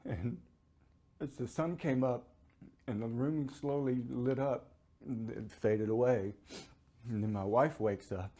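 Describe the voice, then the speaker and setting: A middle-aged man giving an emotional personal account, his voice climbing high as he relives the experience. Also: slow pace, long pauses, warm tone. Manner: emotional, pitch rising sharply as he relives it. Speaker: near-death experiencer. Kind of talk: personal testimony.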